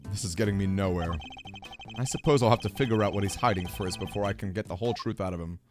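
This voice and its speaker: A stern, composed prosecutor, as a man reads him out, low and measured with a dry formality. Each line is deliberate and controlled, with soft game music behind. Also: close to an everyday voice.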